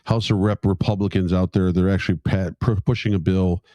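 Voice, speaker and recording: A man co-hosting a comedic political talk show, bantering and teasing with quick jokes and some stumbles. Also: low voice, fairly even intonation, warm tone, dry recording.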